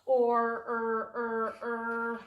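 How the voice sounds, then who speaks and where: A woman teaching a phonics lesson to kindergartners on video, speaking slowly and in a sing-song manner as she reads and spells along. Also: a little high, monotone, narrow, tinny audio. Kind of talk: video lesson for young children. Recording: echoey room.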